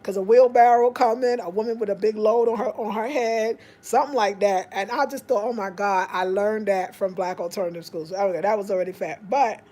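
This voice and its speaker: A woman's voice: mid-range voice, fairly quick, few pauses. A woman with an African American accent telling stories casually, acting out what people said in a raised voice. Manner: animated, acts out quotes in raised voice. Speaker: vlogger. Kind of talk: casual storytelling.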